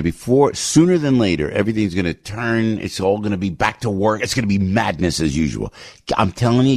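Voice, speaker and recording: A man's voice: medium pitch, dry recording. Middle-aged jersey guy on the radio reading an ad, chatty and pushy, rambles and restarts, dry close sound. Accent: New Jersey. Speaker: radio host. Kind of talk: live-read radio ad.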